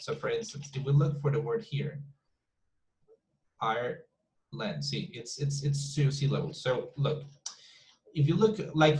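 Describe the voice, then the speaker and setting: A man's voice: mid-range voice, a little mellow. A male teacher explains syllables to his class, patiently, with frequent repetitions and restarts. His voice sits in an ordinary middle range. The recording sounds roomy, as if made in a bare, echoey room. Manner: repeats words and restarts often, explains patiently. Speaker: English teacher. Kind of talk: online class lesson.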